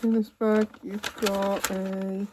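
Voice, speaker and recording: Seated in a computer chair at home, a woman with a level, mid-range voice speaks slowly as she unboxes a cross-stitch kit for her vlog, chatting casually with trailing asides. The background is noisy.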